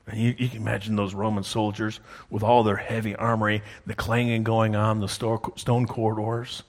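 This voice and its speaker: A man's voice: lowish voice, level tone, moderate pace. A man preaching a sermon in a church, telling a story and often checking in with listeners. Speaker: pastor. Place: church sanctuary. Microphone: wears a clip-on mic.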